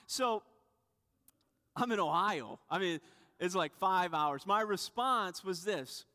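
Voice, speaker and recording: High-voiced animated preacher, church hall reverb. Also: male voice, slow pace. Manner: animated storyteller, self-deprecating humor, acts out voices. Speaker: pastor. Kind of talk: sermon with personal story. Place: church sanctuary.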